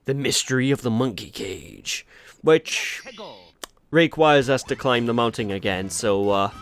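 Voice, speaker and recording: A man's voice: medium pitch, a little slow. A man with a Welsh accent hosting a let's play, chatty and exasperated, with a bit of swearing. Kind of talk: casual gameplay commentary.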